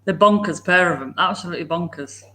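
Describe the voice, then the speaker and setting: Chatty woman with a lowish voice. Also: fast, fairly bright tone. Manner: chatty, laughs often, talks to dogs and viewers. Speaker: livestream host. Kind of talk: casual morning chat. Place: home.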